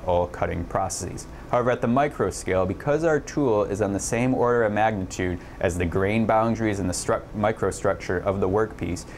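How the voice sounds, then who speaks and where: A man's voice: low-pitched, slight background noise. A man narrating an online lab lecture, explaining steadily with occasional slips and fillers.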